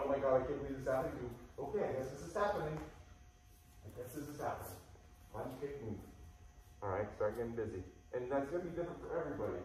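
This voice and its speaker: A man coaching a martial arts class in a loose, chatty way, with sudden loud bursts. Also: medium pitch, slight background noise. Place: large echoey training hall. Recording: roomy hall, voice from far off.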